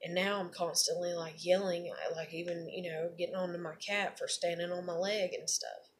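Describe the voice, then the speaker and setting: A woman's voice: lowish voice, steady tone, moderate pace, a little hiss or hum. Rambling, blunt woman. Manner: rambling, confessional, blunt with frequent swearing. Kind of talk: candid personal monologue.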